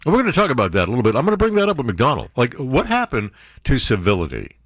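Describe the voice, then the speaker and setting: A man's voice: mid-range voice, wildly swooping pitch, racing, dry recording, clean studio sound. A man hosting talk radio, reading news aloud and mocking it with sarcastic asides.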